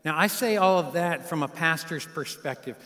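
Preaching to a church congregation, a guest pastor in his fifties tells a homey story in a warm, folksy manner, with asides to the audience. He speaks at a moderate pace in a voice on the high side, captured live with the reverb of a large sanctuary.

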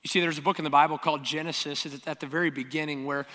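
High, bright-voiced male pastor preaching. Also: steady tone, racing, in a large hall. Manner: earnest, direct, rhetorical questions to the congregation. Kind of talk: sermon.

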